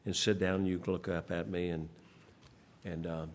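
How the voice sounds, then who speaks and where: A man, a pastor leading church service announcements in a rambling, folksy way, pausing often. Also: sits low, little pitch movement. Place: church sanctuary. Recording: long church hall reverb, faint noise.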